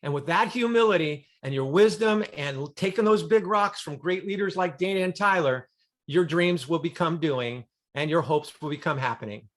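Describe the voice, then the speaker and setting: High-voiced male motivational storyteller. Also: moderate pace, fairly bright tone. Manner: dramatic storyteller, repetitive emphatic phrasing. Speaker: motivational speaker. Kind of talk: storytelling keynote on a group call. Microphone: video call.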